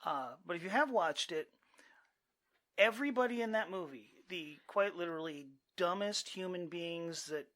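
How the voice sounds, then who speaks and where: A man with a bright, forward voice co-hosts a podcast, talking casually with his spouse. He rambles wryly and jokes, often dropping to a low mutter. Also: expressive, moderate pace. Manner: wry, rambling, joking. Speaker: podcast co-host.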